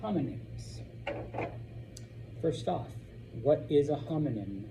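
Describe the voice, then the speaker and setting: A man teaching a Spanish class to students, repeating words slowly to model their pronunciation. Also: fairly high pitch, sing-song, noisy background. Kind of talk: classroom lesson.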